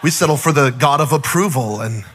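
A pastor preaching a sermon to a congregation in church, rhythmic and repetitive, building up to impassioned shouts. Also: male voice, mid-range voice, brisk, faint music behind, a faint crowd. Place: church stage before a congregation.

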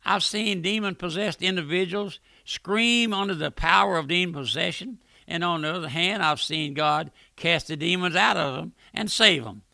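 Older guy preaching on the radio, high bright voice, folksy, earnest, dry studio sound. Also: moderate pace, creaky, few pauses, no room sound. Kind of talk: radio sermon.

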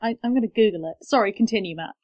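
A woman's voice: medium pitch, fast, darkish tone. Chatty woman podcast host. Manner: chatty, enthusiastic, lots of restarts. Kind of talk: casual podcast chat. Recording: slightly dull lo-fi recording.

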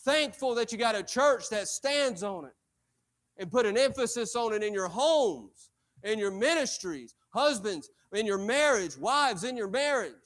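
A man's voice: high-pitched, lively intonation, a little slow, fairly bright tone. A man preaching a sermon in church, repeating phrases with building emphasis. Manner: preaching with emphatic repetition and rising intensity.

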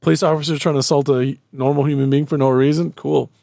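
A man's voice: fairly high pitch, steady tone, fast, vocal fry, warm tone, no echo, clean studio sound. A man in a casual chat who rambles through stories with many fillers and swearing.

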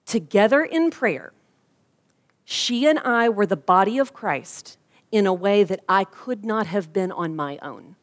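A woman's voice: medium pitch, measured pace. A woman, preaching a sermon and telling a personal story with humor. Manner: storytelling with humor, lively quoted voices. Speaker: pastor.

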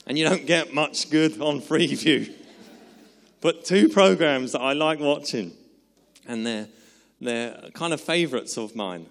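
Earnest preacher in a reverberant hall. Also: male voice, fairly high pitch, expressive, creaky. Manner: earnest, slows for emphasis, loosens into chatty humorous asides. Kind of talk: sermon.

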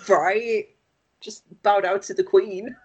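Brief: co-host, easygoing, laughs a lot, mid-pitched voice, chimes in briefly. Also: steady tone, a little mellow, husky, lo-fi sound. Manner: laughing, agreeable, quick asides. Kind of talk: casual chat. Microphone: remote call.

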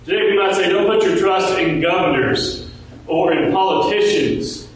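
A man preaching a sermon. He asks the congregation rhetorical questions and slows down when he quotes scripture. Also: sits high. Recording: very echoey room, voice from a distance.

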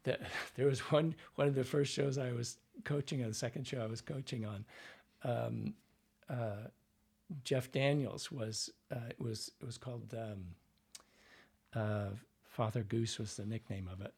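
A Canadian man, a dialect coach, telling animated anecdotes in a relaxed interview and acting out other people's voices. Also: medium pitch, a little slow, vocal fry, slightly rough. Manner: animated anecdotes, acts out voices, frequent fillers. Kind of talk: conversational interview storytelling.

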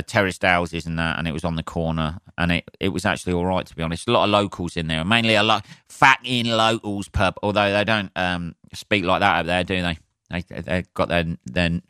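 A man's voice: deep voice, normal speed, pushed and bright, clear, resonant tone, no echo, studio quality. A man with a Southern English accent hosting his own podcast, ranting to listeners with plenty of swearing and jokey asides. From southern England. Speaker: podcast host, stand-up comedian.

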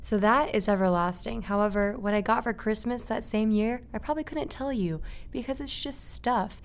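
A woman's voice: fairly high pitch, moderate pace. A young adult woman, a guest in a casual interview, speaking earnestly and reflectively and laughing easily.

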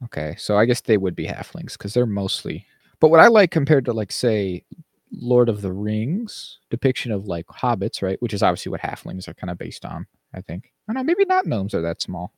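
Man, podcast co-host, low voice, animated ranting, dry close recording. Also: brisk, dry recording. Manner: animated, ranting, mimics people in quotes. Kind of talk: casual chat.

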